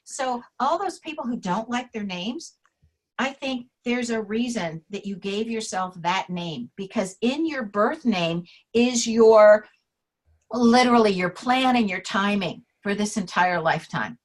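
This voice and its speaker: A woman interview guest, an author on names, telling anecdotes in a lively way, acting out the quotes and laughing often. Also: mid-range voice, measured pace, rough recording. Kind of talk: casual storytelling interview.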